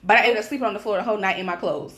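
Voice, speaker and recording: A woman co-hosting a podcast tells stories in casual chat, talking fast and swearing freely. Animated and mid-range in voice, she acts out the quotes she relays.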